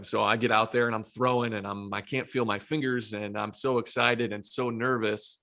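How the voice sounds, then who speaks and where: A man, a former pitcher, telling a long personal story in a casual podcast chat, acting out his own past lines. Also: normal speed, vocal fry. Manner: animated anecdote telling, self-quoting.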